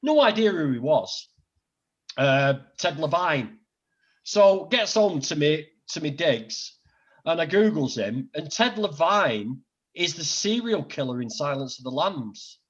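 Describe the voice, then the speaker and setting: A man's voice: a little high, unhurried, dull audio. A middle-aged man with a Northern English accent, chatting as a podcast guest and telling blunt, sweary stories. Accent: Northern English, Greater Manchester. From Northern England. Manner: blunt, sweary, animated anecdotes. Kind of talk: casual chat, storytelling.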